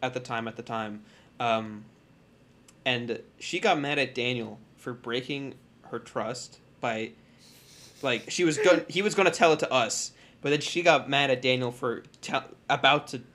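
A man's voice: mid-range voice, a little slow, fairly bright tone. A young man co-hosting a podcast, telling a story in casual chat with frequent restarts. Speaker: podcast co-host.

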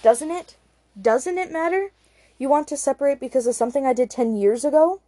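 A woman's voice: high voice, fairly quick, warm tone, pitched above the performer's own voice, close to an everyday voice. A woman reading the part of an exhausted, defensive husband in an audiobook. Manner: defensive, incredulous. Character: exhausted husband, middle-aged man, defensive.

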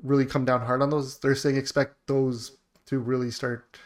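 Casual podcast host, man, mid-pitched, jokey, laughs easily. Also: level tone, normal speed. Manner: laughs often, loose and joking. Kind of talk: casual chat.

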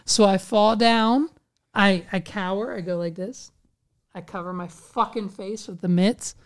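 A man hosting a casual chat, telling a story in an animated way and swearing constantly. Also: high voice, a little slow, clear, resonant tone.

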